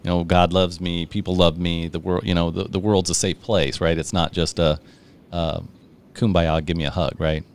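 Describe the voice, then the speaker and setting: A man hosting a podcast in casual chat, talking in a halting way with many fillers. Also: low-pitched, level tone.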